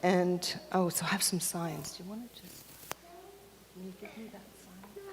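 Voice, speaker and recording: A woman telling an interactive children's story at a church service, animated and directing children as they hold up props. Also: fairly low pitch, moderate pace, a crowd in the background. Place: church sanctuary. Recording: echoey church hall.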